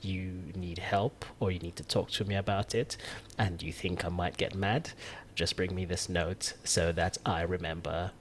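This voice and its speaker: A man hosting a candid conversation, speaking gently and reflectively. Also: sits low, fairly even intonation, normal speed, a little hiss or hum. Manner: gentle, reflective, affirming listener. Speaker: host.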